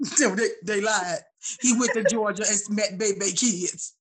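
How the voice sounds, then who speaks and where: A woman's voice: medium pitch, a little slow. A woman in a casual chat, playful and teasing with the others.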